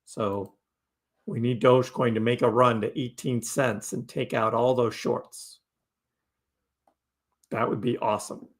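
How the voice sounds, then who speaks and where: A man hosts a crypto livestream, chatting casually and responding to viewer messages as he reads them out. His voice sits at a medium pitch with a flat delivery, and he speaks at a measured pace with frequent pauses.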